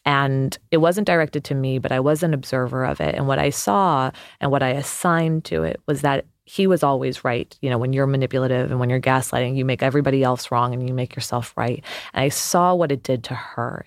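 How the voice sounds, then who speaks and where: A woman's voice: a bass voice, fairly quick, no echo, studio quality. A woman therapist, a guest on a podcast, telling personal stories in a reflective, earnest way with frequent fillers. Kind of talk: casual podcast conversation.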